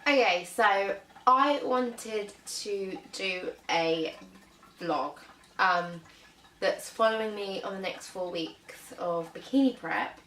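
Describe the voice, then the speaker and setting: A woman's voice: medium pitch, slow, a bit bright, reverberant, distant mic, slight background noise, poor audio. A young British woman vlogging casually about her fitness, chatty, with lots of "um" and "like". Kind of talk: casual vlog talk.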